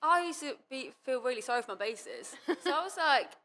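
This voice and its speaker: A woman's voice: high-pitched, expressive, brisk, pushed and bright, slight background noise. A young woman guest on a casual podcast, chatty and full of fillers, quoting herself as she recalls things. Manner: chatty, lots of fillers and self-quotes. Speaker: guest cheerleader.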